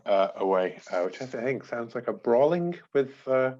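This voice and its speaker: A man's voice: medium pitch, expressive, normal speed, a little mellow, dull audio. A man playing a tabletop game, describing his actions in a rambling way, hedging with "like" and "you know". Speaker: player. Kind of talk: casual tabletop play.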